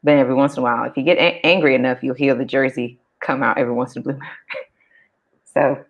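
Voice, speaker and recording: A woman in her thirties co-hosting a casual chat, relaxed and reflective, laughing easily as she tells stories. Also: very deep voice, fast talker. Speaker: podcast co-host. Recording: dull lo-fi sound.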